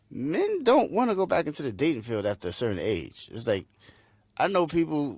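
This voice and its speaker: Man, 40s, podcast co-host, animated casual chat, dry close sound. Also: mid-range voice, vocal fry, dry recording. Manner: animated, quick to joke and laugh.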